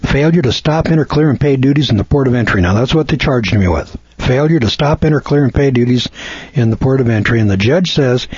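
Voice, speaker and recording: A man's voice: medium pitch, expressive, a little fast, a little mellow, husky, dry recording. A man giving a seminar lecture, telling a story in a folksy, colloquial, emphatic way, on a dull lo-fi recording. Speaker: seminar speaker.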